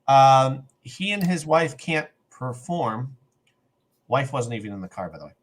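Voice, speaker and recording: A man's voice: medium pitch, animated, unhurried. A middle-aged man telling a long personal story on a podcast, acting out the other people's lines as he goes. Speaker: podcast co-host. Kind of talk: casual storytelling.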